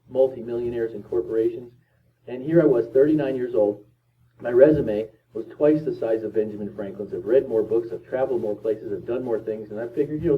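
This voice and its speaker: A man's voice: medium pitch, a little hiss or hum. Emphatic motivational man in his fifties. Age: 50s. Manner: emphatic, repetitive, preachy. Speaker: motivational speaker. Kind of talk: motivational talk. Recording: distant tinny lo-fi recording.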